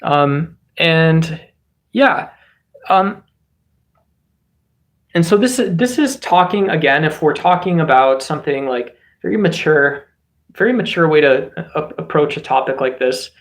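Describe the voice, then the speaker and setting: A man's voice: on the high side, expressive, a little slow. A man from the United States giving casual political commentary as a streamer host, rambling along and often restarting his sentences. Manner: rambling, many fillers and restarts.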